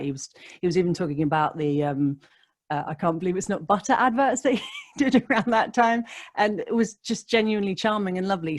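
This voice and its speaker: Low-pitched woman, radio dj guest, chatty, laughs a lot while telling stories. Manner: chatty anecdotes with frequent laughs. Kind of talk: casual interview chat.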